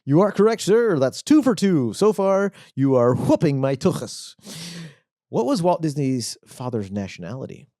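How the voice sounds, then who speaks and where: Animated comedian reading a quiz. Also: male voice, fairly high pitch, moderate pace, no echo, clean studio sound. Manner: animated, joking, reads quiz questions. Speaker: podcast co-host, quizmaster. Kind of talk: casual comedy chat.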